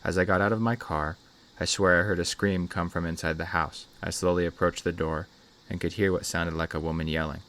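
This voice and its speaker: A man hosting a channel and reading a horror story aloud in a measured, scripted narration. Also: low-pitched, fairly even intonation, fairly bright tone.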